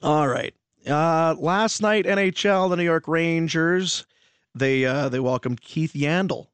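A man co-hosting sports radio with a slightly hoarse voice, chatting casually and rattling off hockey scores. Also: a little high, slow, no room sound.

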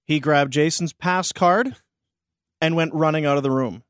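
A man's voice: fairly high pitch, normal speed, fairly bright tone, no room sound. A man hosting a morning radio show, teasing his co-hosts with dry humor in casual banter. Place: radio studio.

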